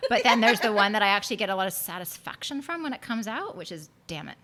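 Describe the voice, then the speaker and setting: A woman guest on a podcast, telling animated stories in a casual chat and laughing often. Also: mid-range voice, quick pace.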